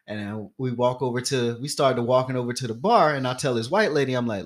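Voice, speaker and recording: A young man holds the floor on a casual podcast, telling a story in a relaxed, mid-pitched voice. He slips into the other people's voices as he tells it, and his laughter breaks through again and again. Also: quick pace, hardly any pauses. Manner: animated, acts out quoted voices, laughs often. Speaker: podcast co-host.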